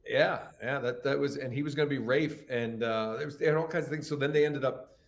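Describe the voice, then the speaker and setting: A man guest on a casual live show, telling animated stories with quick asides and quoted voices. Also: mid-range voice. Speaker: guest voice actor. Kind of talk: casual podcast chat.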